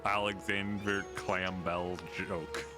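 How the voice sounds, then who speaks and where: A man chatting casually while playing a co-op game, laid-back and quick to laugh. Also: sits low, flat delivery, music in the background. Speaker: co-op game player. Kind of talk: casual gaming chat.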